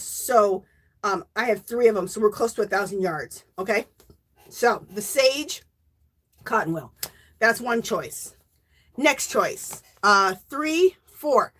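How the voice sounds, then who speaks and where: A woman's voice: on the high side, slightly rough. Chatty American woman hosting a livestream. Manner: chatty, exclaims loudly, talks to viewers as "girl". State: coughing and teary after choking on water. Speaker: livestream host giving away yarn. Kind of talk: casual livestream chat.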